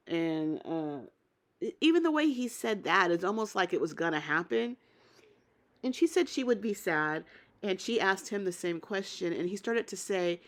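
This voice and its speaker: A woman's voice: mid-range voice, animated, a little slow. A woman giving a casual, opinionated spoken recap of a reality TV episode, thinking aloud as she goes. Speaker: TV show recap reviewer.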